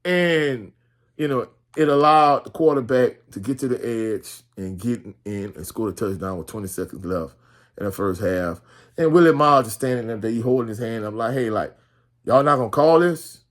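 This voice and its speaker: A man's voice: mid-range voice, normal speed. A man giving a blunt, casual postgame reaction to a football game, with many "you know" fillers. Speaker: sports commentator.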